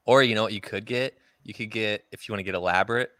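A man with a fairly low voice hosts a relaxed conversation. He sounds easygoing and keen, and the recording is dry and close with little room sound. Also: fast talker, no echo. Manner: easygoing, enthusiastic listener. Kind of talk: casual chat.

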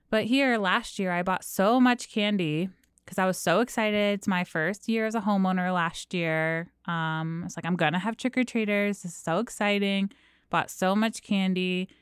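A young woman from New Jersey co-hosting a podcast, chatty, filling pauses with "um.". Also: fairly low pitch, clean tone, no echo, clean studio sound. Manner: chatty, with frequent "um" and light laughs. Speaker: podcast co-host. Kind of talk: casual chat.

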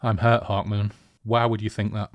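A man's voice: fairly low pitch, level tone, moderate pace, no room sound, highs cut off, natural voice. A man voicing a glib, charismatic male scoundrel while reading a novel's dialogue aloud. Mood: sly, teasing. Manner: glib and teasing; yells commands when riding. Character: sly charismatic male scoundrel, an adult warrior.

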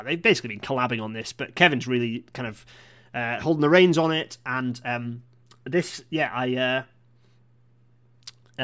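Fast-talking man hosting a podcast. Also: medium pitch, fairly bright tone. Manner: chatty and self-deprecating, with frequent apologetic asides. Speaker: podcast host. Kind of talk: live-streamed podcast monologue.

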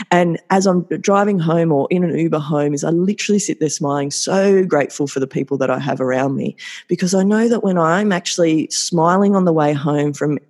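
A man's voice: fairly high pitch, fairly quick, a little mellow. A man hosting a solo podcast, talking in an upbeat, effusive and motivational way and repeating words for emphasis. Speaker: podcast host.

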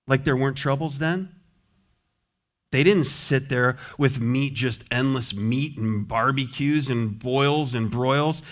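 A man preaching a sermon in a church, lively and often acting out the voices of a grumbling crowd. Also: mid-range voice, unhurried. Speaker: pastor. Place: church sanctuary.

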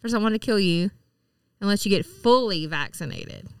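A woman's voice: mid-range voice, lively intonation, normal speed, clear, resonant tone, dry recording, recorded from a distance. A woman co-hosting a podcast in casual chat, rambling and laughing often. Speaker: podcast co-host.

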